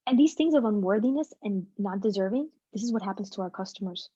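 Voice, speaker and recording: A woman guest speaker giving a casual, energetic motivational talk to a team over a video call, with plenty of slang. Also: mid-range voice, fast, slightly rough, no room sound, highs cut off.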